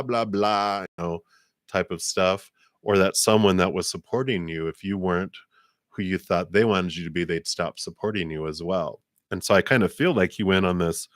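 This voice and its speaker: A man's voice: a bit bright, dry recording, studio quality. A man doing a live tarot card reading, chatty and laughing often. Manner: chatty, laughs often, voices guides with sassy high "girl".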